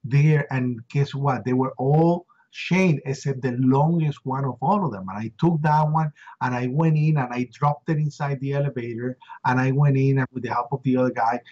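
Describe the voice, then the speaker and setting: A middle-aged man, an interview guest, recounting a harrowing first-hand story with emotion, repeating words and acting out shouts. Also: medium pitch, steady tone, moderate pace, hardly any pauses, highs cut off.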